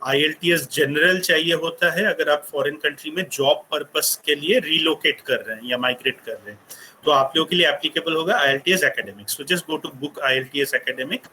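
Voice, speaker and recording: Brisk man with an Indian English accent. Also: on the high side, bright, forceful tone, a little hiss or hum, poor audio. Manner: explanatory, with frequent fillers. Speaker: guest speaker on study abroad. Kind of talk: webinar talk, English mixed with Hindi. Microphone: computer mic on a video call.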